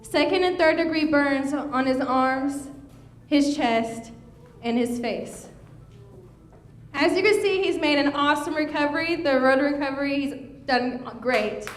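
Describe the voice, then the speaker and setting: A woman's voice: sits high, measured pace. A woman making a solemn formal announcement in a wrestling arena as ring announcer. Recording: echoey arena with crowd.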